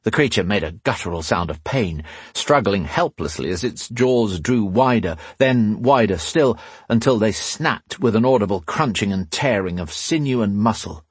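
A male audiobook narrator reads fantasy prose in a measured, dramatic way. His voice is low and husky. The close mic gives a dry, roomless sound. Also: animated, dry recording.

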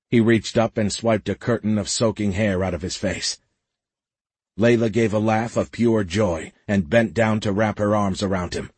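Low husky male narrator. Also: no echo. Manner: steady, measured storytelling. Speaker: audiobook narrator. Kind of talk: scripted narration.

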